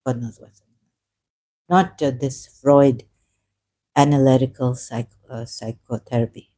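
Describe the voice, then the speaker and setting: A woman in her fifties telling her personal story, emotional and halting, rambling with restarts and self-corrections. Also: rumbling low, steady tone, dark tone. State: emotional, close to tears.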